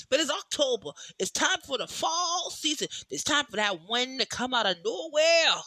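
Bright, chatty podcast host, dry sound. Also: sits high, very animated, moderate pace, few pauses, no echo. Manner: loose, chatty storytelling with swearing and frequent laughs; talks in rambling asides with many "you know"s. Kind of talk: casual solo podcast chat.

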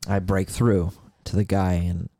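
A man with a low, gravelly voice tells a personal story on a podcast, earnest and candid. The sound is dry and close, with no room around it. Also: flat delivery, measured pace, dark tone, no room sound. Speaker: podcast co-host. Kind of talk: casual podcast conversation.

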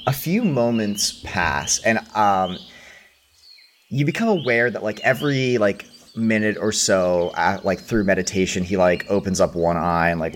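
A man's voice: low-pitched, slight background noise. A man narrating as game master, hesitant and full of fillers.

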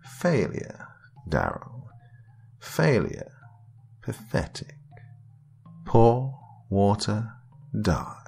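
A man voicing a cruel, disembodied voice that speaks in slow, broken, whispery phrases. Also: lowish voice, big pitch swings, creaky, a little mellow, soft background music, voice pushed up, full character voice. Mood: cruel taunting. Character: menacing disembodied voice in a man's head, cruel.

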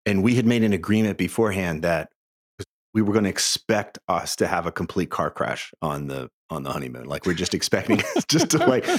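A middle-aged man with a deep, low-pitched voice speaks as a podcast guest. He tells stories in a lively, animated way, and his voice leaps upward when he gets worked up. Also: brisk. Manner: animated storyteller, voice jumps high when excited. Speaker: podcast guest, author and coach. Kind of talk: casual interview chat.

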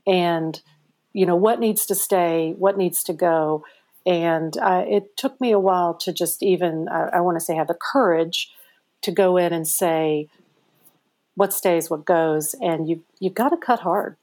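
A middle-aged woman, an author being interviewed, telling her story in a chatty, animated way with many fillers. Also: fairly low pitch, a little slow. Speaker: author guest. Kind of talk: conversational interview answers.

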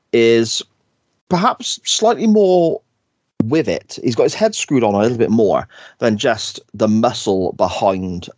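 This podcast co-host has a mid-range voice, a little mellow and husky, heard without any echo. He chats through an episode recap like a storyteller, laughing frequently along the way.

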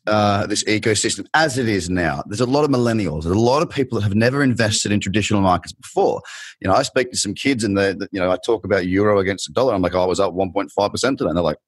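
A man's voice: fairly low pitch, animated, quick pace, breathy edge, no room sound. A man hosting an interview, talking animatedly and acting out the people he quotes. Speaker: podcast host. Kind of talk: conversational interview.

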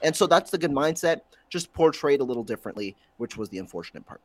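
Male sports podcast host, rapid and slightly high-pitched, casual analytical chat. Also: lively intonation, dry recording.

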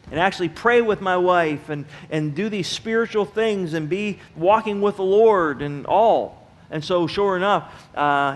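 A middle-aged pastor preaches in a church, his voice sitting a little high for a man. He tells homespun stories and turns to the congregation with plain, direct talk. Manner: folksy storytelling, speaks directly to the congregation. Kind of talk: sermon. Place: church sanctuary.

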